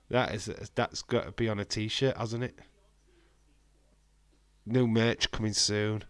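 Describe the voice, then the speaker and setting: A man's voice: lowish voice, level tone, takes it slowly, long pauses, clear, resonant tone, no room sound. A man hosting a live watch-along stream, chatting casually and joking as he reads out and answers comments from his viewers. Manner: joking banter reading out chat.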